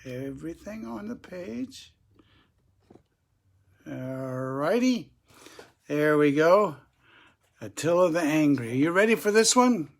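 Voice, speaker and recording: An older man, a grandfather, gently and chattily reading a children's picture book aloud to kids. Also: fairly high pitch, expressive, takes it slowly, gravelly, long pauses, a little hiss or hum. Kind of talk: children's story read-aloud.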